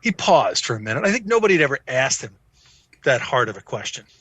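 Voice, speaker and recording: Animated American man telling a story. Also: medium pitch, quick pace, slightly rough, no room sound. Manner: animated, self-deprecating storyteller. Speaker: psychiatrist guest. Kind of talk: conversational storytelling.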